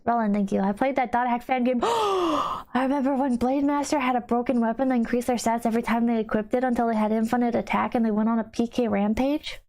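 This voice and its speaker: A woman with a voice a little higher than most, talking casually on a livestream. She answers chat in a blunt, wry way and swears freely. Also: fast talker, a little mellow. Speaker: streamer reading chat.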